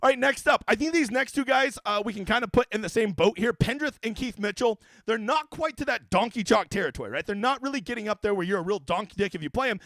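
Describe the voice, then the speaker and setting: A man's voice: sits high, expressive, fast talker, few pauses, fairly bright tone, dry recording. A man hosting a casual fantasy golf livestream, talking in brash, profane, joking rants. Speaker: fantasy sports golf analyst.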